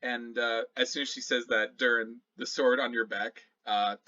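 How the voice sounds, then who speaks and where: A young man narrating a tabletop game as dungeon master, animated and often laughing. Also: medium pitch, moderate pace, muffled recording, over a noisy crowd.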